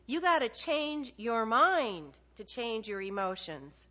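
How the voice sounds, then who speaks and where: A woman preaching a sermon, animated and conversational, acting out little dialogues with God. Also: on the high side, slow pace. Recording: dull lo-fi sound.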